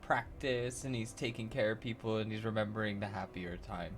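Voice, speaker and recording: A man's voice: fairly low pitch, flat delivery, fairly quick. A man at a tabletop game session, joking and rambling in a mid-range voice. He slips into character without much change to his voice. Faint music plays behind him. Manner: jokey, laughing, rambling in character. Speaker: player. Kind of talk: casual tabletop roleplay.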